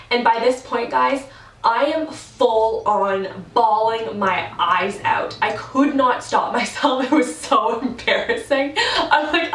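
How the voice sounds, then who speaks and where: Chatty young woman in a roomy space. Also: medium pitch. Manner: chatty and rambling, many "like" fillers, laughs often. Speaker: vlogger. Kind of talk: casual vlog chat. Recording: roomy, from a distance from the mic.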